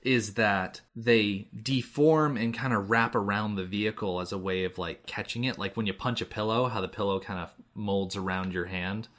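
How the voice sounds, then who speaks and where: A man's voice: on the low side, steady tone, moderate pace, few pauses, a bit bright. An American man co-hosting a podcast, rambling in casual chat and laughing often. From United States. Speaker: podcast co-host.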